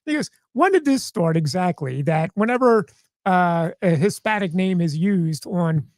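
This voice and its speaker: An older man co-hosting a casual podcast, telling stories with plenty of laughter. His pitch swings widely as he talks. The sound is dry and close to the mic. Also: unhurried, no echo. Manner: laughing, animated storytelling. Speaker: podcast co-host. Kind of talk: casual chat.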